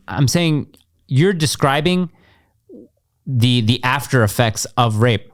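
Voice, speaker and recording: A young man co-hosting a podcast, talking bluntly with a sarcastic edge and slipping into mocking voices when he quotes people. His voice is mid-pitched and recorded dry and close. The talk stays casual and conversational. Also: expressive, fairly quick, no room sound. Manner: blunt, sarcastic, acts out other people's lines. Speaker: podcast co-host. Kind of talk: casual chat. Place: podcast studio.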